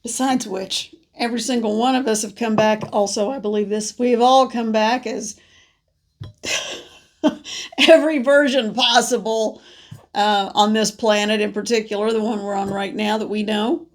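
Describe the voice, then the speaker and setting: Gravelly-voiced woman giving spiritual messages. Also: on the high side, steady tone. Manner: gentle, meandering, with many pauses and restarts. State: congested from allergies. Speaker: psychic card reader.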